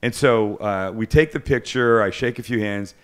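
Chatty middle-aged man, lowish voice. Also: normal speed. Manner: chatty storyteller, self-deprecating. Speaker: cooking show host. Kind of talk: casual chat.

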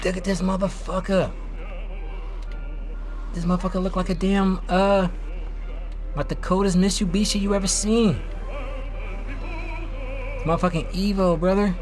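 A young man giving casual gameplay commentary as a streamer, excitable and profane, with yelping outbursts. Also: sits high, a little slow, long pauses, over music. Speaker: gaming streamer.

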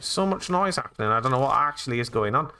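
A man's voice: mid-range voice, animated, fast talker, bright, forceful tone, clear, resonant tone. A man hosting a let's play video, chatting and joking his way through a game and talking to the characters. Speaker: gaming channel host.

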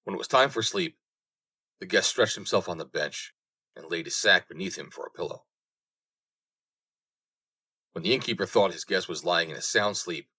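A man reading a fairy tale aloud as an audiobook narrator, in a measured storytelling manner. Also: low voice, pushed and bright.

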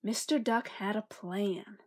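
A woman reading a picture book aloud, playful and expressive, pausing to ask her listeners questions. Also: mid-range voice, slight background noise. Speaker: storybook reader.

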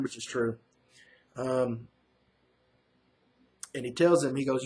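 A man's voice: medium pitch, steady tone, takes it slowly, pauses often, a little mellow. A man giving a casual, rambling recap of a comic book issue as a reviewer, full of fillers and restarts. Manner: rambling, filler-heavy retelling. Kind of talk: casual first-reaction recap.

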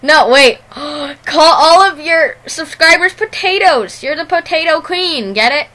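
A woman's voice: high voice, measured pace, pushed and bright. A woman hosting a casual gaming video, chatting playfully and giggling with a friend. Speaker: gaming channel host. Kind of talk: casual chat while playing a game.

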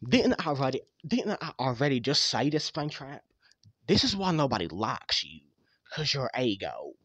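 A man's voice: mid-range voice, sing-song, moderate pace, a bit bright, breathy edge, no echo. A man voicing a nagging, mocking male fox animatronic who needles and taunts the others in a fan machinima. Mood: taunting.

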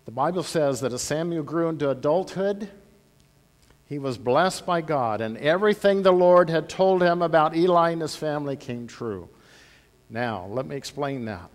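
A man pastor telling a Bible story to children in a church, animated, with big swings in loudness. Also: fairly high pitch, moderate pace. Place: church sanctuary. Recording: long church-hall reverb.

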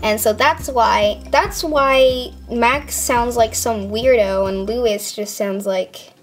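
Young female vlogger, teens, slightly high voice, rambling and giggly, faint music behind. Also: slow pace. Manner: giggly, rambling, lots of ums and likes. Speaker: YouTuber. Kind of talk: casual reaction vlog.

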